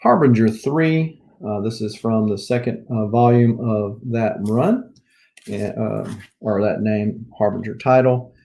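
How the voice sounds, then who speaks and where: With a Southern US accent and a lowish, gravelly, dark voice, a man speaks at a measured pace. He's a comic book collector vlogger doing casual show-and-tell, rambling as he goes through his items one by one.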